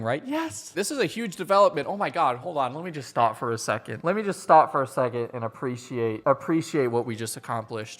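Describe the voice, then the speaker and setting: A man's voice: fairly high pitch, lively intonation, quick pace, hardly any pauses. A young man giving casual, joking gameplay commentary as a streamer, swearing and yelping when surprised. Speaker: gaming streamer.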